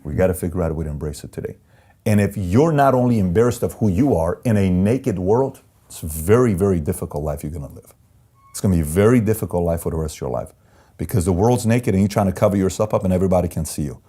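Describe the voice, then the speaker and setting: A man's voice: deep voice, fast, breathy edge. A man from Iran, a guest in an interview, telling candid personal stories and acting out the voices of people he quotes. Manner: animated storyteller, acts out quoted voices. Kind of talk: candid storytelling in conversation.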